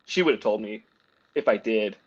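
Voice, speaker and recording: A man's voice: on the low side, moderate pace, husky. Casual guest: a man from New Jersey, joking and easygoing, trailing into fillers. Sounds like a muffled video call. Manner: laid-back, jokey, trails off with fillers. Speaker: guest comic artist. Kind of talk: casual chat.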